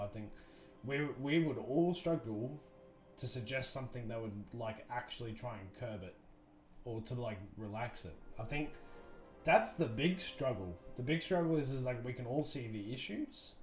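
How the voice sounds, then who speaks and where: A man hosting a livestream, chatting casually and thinking out loud, restarting his sentences often. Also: mid-range voice. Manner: rambling, thoughtful, many restarts and fillers. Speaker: livestream host. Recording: roomy echo, faint music behind.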